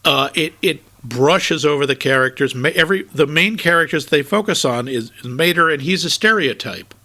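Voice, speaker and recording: Bright-voiced man mocking movie clichés. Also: a little high, lively intonation, moderate pace. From United States. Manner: exasperated, mocking. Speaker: podcast co-host. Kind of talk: casual chat.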